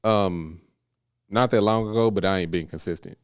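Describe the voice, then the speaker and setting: A man co-hosting a casual podcast, easygoing and wry in how he talks. His voice sits a little low and sounds smooth and resonant. The recording is dry and close. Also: moderate pace, no room sound. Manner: laid-back, wry, slangy. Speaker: podcast co-host. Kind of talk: casual chat.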